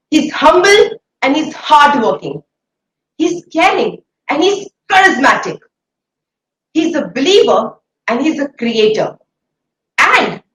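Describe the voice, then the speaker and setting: A woman hosts a live online conference. Her voice is very high and swings up and down with energy. She sounds set back from the mic in a roomy, echoing space. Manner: energetic, addresses audience as ladies and gentlemen. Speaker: event host. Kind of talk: live-stream conference hosting. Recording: echoey room, distant mic.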